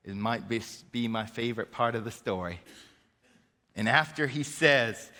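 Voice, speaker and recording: A man preaching a sermon as pastor, emphatic, rising and dropping sharply in pitch and volume, with light laughs between points. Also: measured pace, sharp tone, long reverb tail. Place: church sanctuary.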